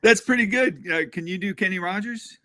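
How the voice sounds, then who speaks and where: A man from the United States, a podcast guest, chatting casually and joking with a relaxed manner. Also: high voice, brisk, no echo. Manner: relaxed, joking, laughs often. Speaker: interview guest. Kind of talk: casual interview chat.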